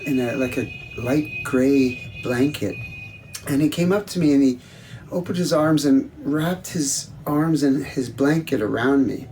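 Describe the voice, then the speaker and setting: A man telling a personal recollection of a dream, halting and repeating words as he searches for them. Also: medium pitch, a little mellow, slight background noise, rough recording. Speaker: storyteller recalling a dream.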